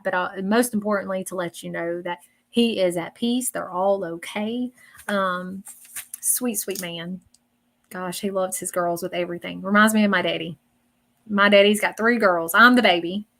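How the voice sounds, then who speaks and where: A woman gives a live psychic reading in a blunt, chatty manner. She keeps checking in with her listeners, and her voice sits at an ordinary middle pitch. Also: pushed and bright. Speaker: psychic medium.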